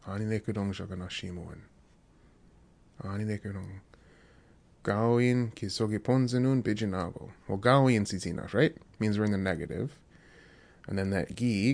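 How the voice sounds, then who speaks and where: Gravelly-voiced man drilling a language quiz. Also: on the low side, normal speed, a little mellow. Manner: patient drilling, repeats phrases. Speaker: language teacher.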